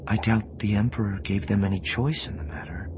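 Male narrator doing a calm, kind woman leader in an audiobook; soft and pitched up. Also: brisk, a little hiss or hum, lightly acted. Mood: gentle. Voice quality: soft and gentle. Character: gentle, probing woman leader. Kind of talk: audiobook character voice.

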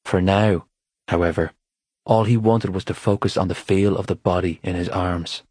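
A man narrating an audiobook in a steady, even storytelling voice on a close mic. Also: low-pitched, normal speed, husky, dry recording. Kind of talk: scripted narration.

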